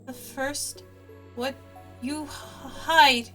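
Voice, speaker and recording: A woman's voice: high-pitched, fairly even intonation, very slow, bright, forceful tone, soft background music, voice pushed up, exaggerated voice. A woman voicing a strange male water creature that halts and stammers through broken words. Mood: halting.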